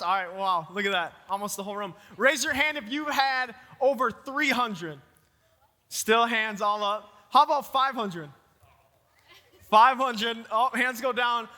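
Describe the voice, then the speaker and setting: A man with a Minnesota accent preaching a lively youth sermon and talking straight to the room. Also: extremely high pitch. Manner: energetic, talks to the room directly. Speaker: youth pastor. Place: church youth hall. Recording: long hall reverb.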